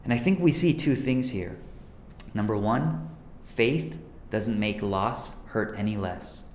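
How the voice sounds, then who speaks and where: A man preaching a sermon as pastor, earnest, dropping to a hush on key lines. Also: on the low side, lively intonation, takes it slowly, roomy sound, a little hiss or hum.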